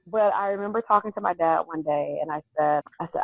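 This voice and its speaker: A woman guest on a podcast, candidly telling a personal story in an earnest, animated way that often breaks into laughter. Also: fairly low pitch, brisk, few pauses, no room sound. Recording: thin phone-like call audio.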